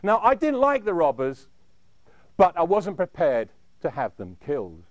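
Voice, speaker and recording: A man's high voice, swooping through huge pitch swings, carries a dramatic first-person story. He keeps a measured delivery, and every phrase fades away low and quiet. The recording is close and dry with no echo, and the highs are cut off.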